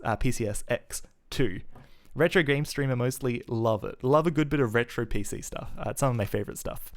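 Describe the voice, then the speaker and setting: A man from Adelaide with a mild South Australian accent, chatting casually with viewers while thinking aloud through code on a live stream, with frequent fillers and restarts. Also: mid-range voice.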